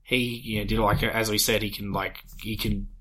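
A man's voice: on the low side, flat delivery, moderate pace, pushed and bright. Chatty man recapping a game. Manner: chatty, explains and recaps eagerly. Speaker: podcast co-host. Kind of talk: casual chat.

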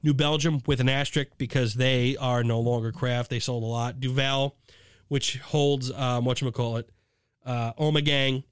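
A man's voice: mid-range voice, steady tone, normal speed, clean tone, no echo. A man hosting a casual beer review podcast, talking in a profane, ranting way with heated outbursts.

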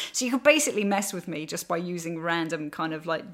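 A woman's voice: lowish voice, fast talker, hardly any pauses. A woman in her forties chatting casually as a podcast guest, rambling with fillers and restarts and laughing easily. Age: 40s.

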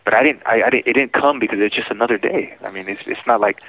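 A man's voice: mid-range voice, fast talker, no room sound. A man recounting his past over the phone, hesitant and restarting his sentences often. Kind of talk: phone interview. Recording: tinny prison phone line.

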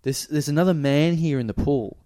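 A man's voice: on the high side, dark tone, no room sound. Australian man with a dry, close sound. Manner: rambling, halting anecdotes with quoted dialogue. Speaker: podcast host. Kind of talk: casual comedy podcast chat.

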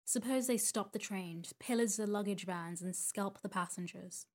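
A woman reading the lines of a skeptical, argumentative gentleman at a card table, in an insistent manner. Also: medium pitch, moderate pace, lightly acted. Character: argumentative gentleman clubman at whist.

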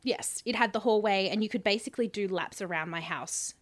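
A woman co-hosting a podcast, telling stories in a relaxed, chatty way. Her laughter comes through easily as she talks. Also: medium pitch, brisk. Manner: chatty storytelling, laughs often. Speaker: podcast co-host. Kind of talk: casual chat.

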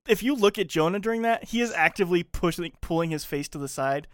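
A man's voice: high-pitched, lively intonation, quick pace, dry recording. Male co-host, wry asides, dead-dry close mic. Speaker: podcast co-host. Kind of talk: casual chat about a movie.

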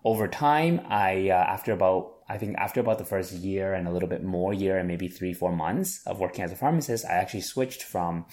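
A man's voice: deep voice, fairly quick, few pauses, darkish tone. A man in his thirties, a chef and business owner, answering interview questions earnestly with frequent restarts.

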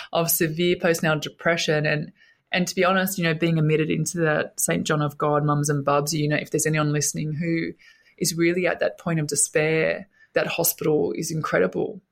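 A woman's voice: low voice, normal speed. A woman, a guest telling her own story in an interview, earnest and emotional, often repeating her words.

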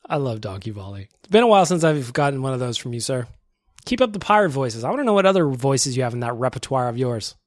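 A man's voice: mid-range voice, very animated, fast, dry recording. A young male podcast host chatting casually and enthusiastically, with self-deprecating humor.

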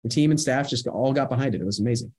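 A middle-aged man giving a motivational coaching talk, energetic and talking in bursts, often adding "right?" to his points. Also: mid-range voice, rapid-fire. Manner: energetic, talks in bursts with many "right?" asides. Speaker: real estate investing coach.

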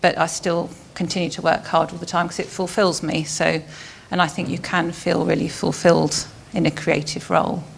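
A married woman speaking earnestly and in a measured way as a panel guest. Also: lowish voice, little pitch movement, gravelly, slight background noise. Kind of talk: panel discussion.

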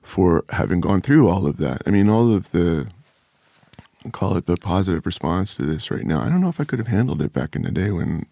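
A man's voice: low voice, animated, a little fast, vocal fry, dark tone, no room sound. A man, an actor being interviewed, talking candidly and bluntly in casual conversation, with the odd swear word. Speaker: actor guest.

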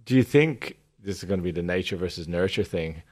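A man hosting a podcast, asking short prompting questions and offering quiet affirmations in a conversational interview. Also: sits low, lively intonation, brisk. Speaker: podcast host.

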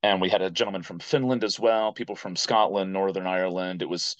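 Lively American man telling stories. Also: deep voice, brisk, no room sound. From United States. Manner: animated storyteller who acts out quoted voices. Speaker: podcast guest, actor. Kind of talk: casual interview storytelling. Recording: dull, dry podcast audio.

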